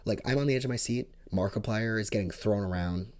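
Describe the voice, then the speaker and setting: A young man telling a rambling storytime monologue to his vlog, excitable, with sudden leaps up in pitch and loudness. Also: fairly quick. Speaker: vlogger.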